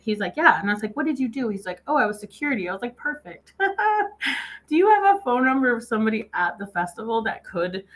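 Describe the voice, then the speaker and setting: A woman's voice: mid-range voice, a bit bright. A woman giving a motivational talk, telling a personal story in a chatty way and quoting herself often. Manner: laughs easily. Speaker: speaker.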